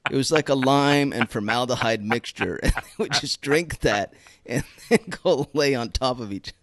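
A man in his thirties co-hosting a podcast in casual chat, making wry, dark jokes. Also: medium pitch, normal speed, no echo, clean studio sound. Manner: wry and joking, animated delivery. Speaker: podcast co-host.

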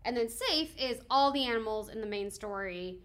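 A woman's voice: on the high side, expressive, moderate pace, a bit bright. A woman co-hosting a podcast, chatting casually and telling a rambling story full of laughs and fillers. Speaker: podcast co-host. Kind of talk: casual chat.

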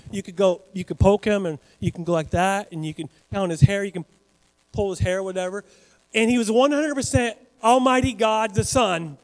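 A man preaching a sermon as pastor, talking in a conversational, animated way with asides to the congregation. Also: sits high, big-room sound, rough recording.

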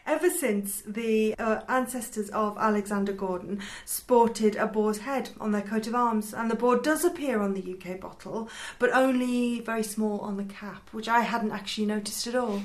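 A woman co-hosting a casual podcast chat, chatty and quick to laugh. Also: a little high. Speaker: podcast co-host. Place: lived in Yorkshire.

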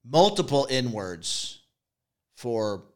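A man in his early forties, a guest on a comedy podcast, talking in halting bursts full of "like". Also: medium pitch, big pitch swings, darkish tone. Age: 40s. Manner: halting, many "like" fillers. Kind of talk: casual comedic chat.

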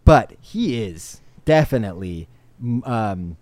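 A man's voice: fairly low pitch, sing-song, slow, darkish tone, dry recording. A young man co-hosting a podcast, talking through a film review in a rambling, enthusiastic way. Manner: rambling and enthusiastic, many restarts. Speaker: podcast co-host. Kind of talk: casual film review chat.

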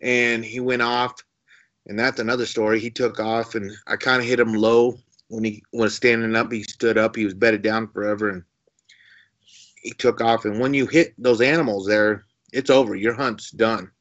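A man's voice: on the low side, little pitch movement, moderate pace, fairly bright tone. A man as a podcast guest telling a long story casually, rambling, repeating words and chuckling often. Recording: dull lo-fi sound.

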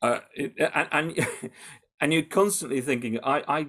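A British man answering interview questions in an animated, conversational way, with frequent restarts and fillers. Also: fairly high pitch, unhurried. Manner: animated, full of restarts and "you know". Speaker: campaigner interviewed about undercover research.

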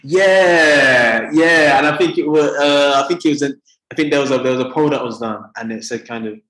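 A British man from England, a guest producer, chatting casually with relaxed hedging and frequent laughs. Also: on the high side, normal speed. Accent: British English. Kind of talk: casual interview chat. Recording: echoey room.

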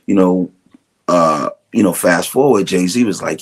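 A middle-aged man from Brooklyn with a very low, husky voice and a Brooklyn accent. He tells stories in a relaxed, casual way, acting out other people's lines as he goes. His laugh comes easily. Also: unhurried. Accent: Brooklyn New York. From Brooklyn, New York. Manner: relaxed storyteller, acts out quotes, laughs often. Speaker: guest drummer. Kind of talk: casual storytelling interview.

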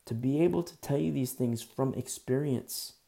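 A man's voice: mid-range voice, moderate pace, creaky, mellow. A man preaching a sermon in a conversational, folksy way, with asides and quoted lines. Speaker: pastor.

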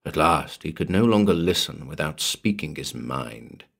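A man reading a vintage horror tale aloud as a podcast narrator, measured and dramatic. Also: extremely low pitch, gravelly, a bit bright. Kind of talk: scripted horror story narration.

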